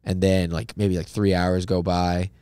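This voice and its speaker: Animated man telling a story, smooth voice. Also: low-pitched, a little slow, no echo, clean studio sound. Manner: animated, acts out characters in his story. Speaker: comedian guest. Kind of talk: casual storytelling.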